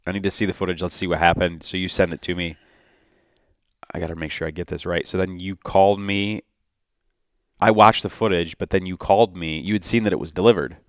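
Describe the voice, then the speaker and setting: A man hosting a hunting podcast, excitedly narrating a hunt in casual chat with quoted dialogue. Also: sits low, brisk, smooth, no echo, studio quality. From Michigan.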